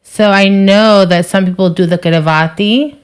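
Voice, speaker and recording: A woman's voice: medium pitch, steady tone, measured pace. A young woman from New Jersey, a podcast guest, chatting casually and saying "like" a lot. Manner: chatty, says "like" often. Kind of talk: casual chat.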